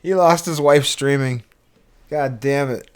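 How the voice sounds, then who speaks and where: A man's voice: mid-range voice, unhurried, clean tone. A man co-hosting a podcast, joking and teasing the others in casual chat. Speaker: podcast co-host.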